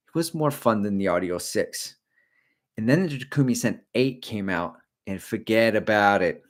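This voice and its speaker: A middle-aged man hosting a casual running livestream, rambling and jokey as he talks to his viewers. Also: mid-range voice. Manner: slips briefly into silly character voices. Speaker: running channel host.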